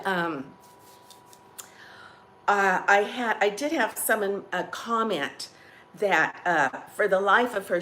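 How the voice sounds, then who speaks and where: A woman's voice: mid-range voice, fairly bright tone, a little hiss or hum. A woman hosting a casual coffee-chat vlog, rambling and chatty as she tells stories to her viewers. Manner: rambling, chatty, restarts and trails off. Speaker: vlog host.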